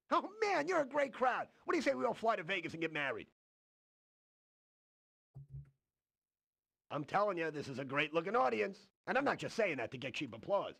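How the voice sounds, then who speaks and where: A brash, corny stand-up comic. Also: male voice, high-pitched, sing-song, a little fast, gravelly, a bit bright, dry recording, clean studio sound, full character voice. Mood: hammy. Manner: brash, hammy joke delivery. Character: cheesy stand-up comedian man, brash and corny. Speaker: game's recorded comedian. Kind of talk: 1990s CD-ROM stand-up comedy routine.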